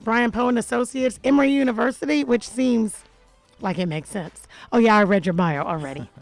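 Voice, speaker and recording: A woman hosts a radio talk show with a playful, joking manner and laughs often. Her voice sits a little high and sounds dry and close in the studio. Faint music plays underneath. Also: brisk, no room sound, poor audio. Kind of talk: casual radio chat.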